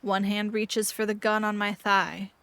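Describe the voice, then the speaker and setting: A woman streamer narrating an interactive mystery book aloud, playful and animated between passages. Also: medium pitch, unhurried, clean tone. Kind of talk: dramatic read-aloud narration.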